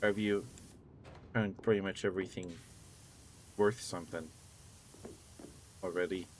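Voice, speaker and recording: A man streaming live, chatting in a relaxed way and thanking viewers, still groggy with a morning voice. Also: deep voice, a little slow, slight background noise. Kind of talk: casual live-stream chat.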